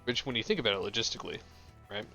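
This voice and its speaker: A man's voice: medium pitch, expressive, very fast, creaky, sharp tone, highs cut off, soft background music. A man streaming a game live, explaining mechanics in a rambling, profanity-filled casual way at his desk mic. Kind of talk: casual live gameplay commentary.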